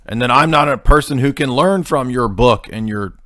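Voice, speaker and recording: A man's voice: mid-range voice, normal speed, fairly bright tone, no echo, clean studio sound. A man hosting a commentary show, reacting to a clip in a sarcastic, mocking way. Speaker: host.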